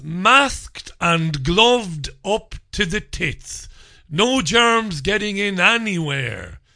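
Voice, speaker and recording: A man's voice: a little high, bright, forceful tone. A man telling a profane, sardonic comic anecdote in a vlog. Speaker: vlogger. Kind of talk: comic storytelling monologue.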